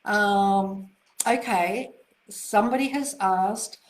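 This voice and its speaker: A woman's voice: medium pitch, slow pace, echoey room, poor audio. A woman author answering viewer questions in a live online session, reassuring and encouraging. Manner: reassuring and encouraging, gushing over viewer greetings. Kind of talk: live online Q&A, casual talk.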